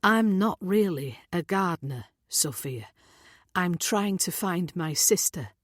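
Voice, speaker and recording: A woman's voice: lowish voice, lively intonation, takes it slowly, dry recording, clean studio sound. A woman reading the part of a worried man searching for his missing sister, speaking earnestly and apologetically.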